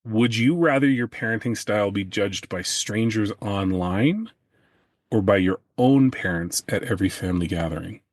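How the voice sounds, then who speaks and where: A man co-hosts a podcast, chatting casually and cracking jokes as he teases. His voice sits lowish and moves at a moderate pace, captured with studio quality and no echo.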